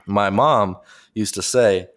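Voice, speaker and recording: A man's voice: fairly low pitch, slow pace, fairly bright tone. A young man from America hosting his own podcast, rambling casually and making jokes at his own expense. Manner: jokey, rambling, self-deprecating. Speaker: podcast host. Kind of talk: casual solo podcast monologue.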